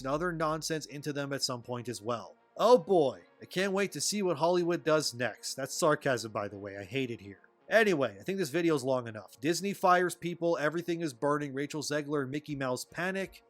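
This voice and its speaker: A man delivering a scripted commentary with plenty of sarcasm and weary exasperation. His voice sits slightly higher than most men's, and faint music plays underneath. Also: a bit bright, no echo. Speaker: commentary video narrator.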